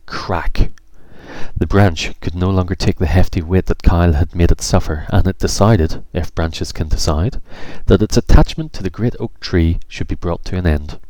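A man's voice: low-pitched, warm tone, dry recording. A man reading a children's storybook aloud in a wry, playful way. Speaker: narrator.

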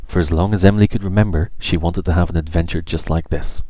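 A man's voice: sits low, steady tone, fast, mellow, no room sound. A man reading a children's storybook aloud in a wry, playful way. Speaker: narrator.

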